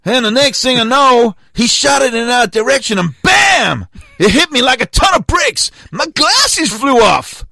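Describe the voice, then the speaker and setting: Guy doing a shrill american lady voice, high and loud, all over the place. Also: very animated, measured pace, creaky, no room sound, clean studio sound, exaggerated voice. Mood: exclaiming. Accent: put-on American. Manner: high-pitched and exclaiming. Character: shrill excited American woman fan.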